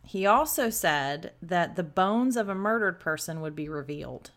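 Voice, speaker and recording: A woman's voice: fairly low pitch, expressive, moderate pace, fairly bright tone. Chatty woman telling a ghost story. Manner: chatty, many ums, corrects herself. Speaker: podcast co-host. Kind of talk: casual storytelling chat.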